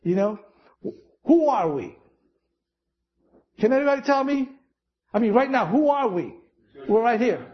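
A man's voice: very high voice, animated, a little slow, long pauses, muffled recording. A man preaching a sermon, telling stories with acted-out quotes and chuckling as he goes. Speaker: pastor.

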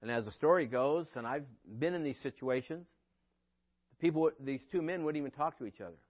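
Male pastor, high voice, emphatic sermon delivery with sarcastic asides; muffled lo-fi audio. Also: fairly quick. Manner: preachy, rising to emphatic peaks, dry sarcastic asides.

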